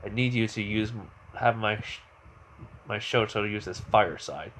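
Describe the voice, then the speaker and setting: A man's voice: on the low side, unhurried, a bit bright, slight background noise. A man voicing a domineering, pushy hero father in an improvised spoken fan story, making demands. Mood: demanding.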